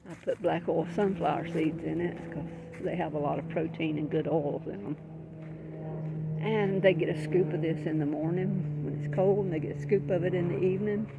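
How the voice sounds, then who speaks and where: A woman's voice: on the low side, fairly even intonation, normal speed, creaky, over loud music, poor audio. An older woman with a Southern US accent, talking casually in a folksy, rambling way while filming her backyard garden. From Southern United States. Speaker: garden vlogger.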